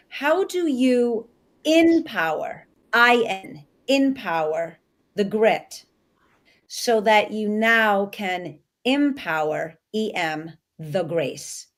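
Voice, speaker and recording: A woman co-hosts an interview and asks long, winding questions. She sounds earnest and enthusiastic throughout. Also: on the high side. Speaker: co-host.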